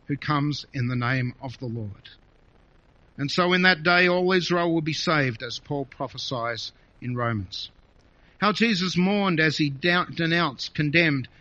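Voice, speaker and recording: A man preaching a sermon, reading scripture aloud with feeling and expressive emphasis. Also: a little high, dry recording. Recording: dull lo-fi recording.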